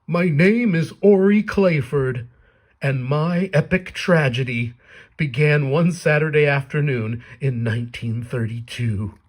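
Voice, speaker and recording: A man voicing a self-pitying old man who talks in a slow, mournful, drawn-out way while reading his comic aloud. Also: fairly high pitch. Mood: dramatic.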